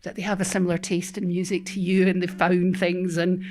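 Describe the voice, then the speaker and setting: Relaxed woman on a panel. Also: on the low side, fairly quick. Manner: relaxed, hedging with fillers. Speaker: panel guest. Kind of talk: casual panel chat.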